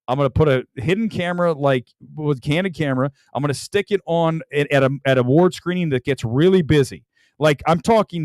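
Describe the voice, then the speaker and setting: A man's voice: on the high side, dry recording, clean studio sound. A man hosting a casual movie talk livestream, rambling animatedly and laughing often. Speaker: host.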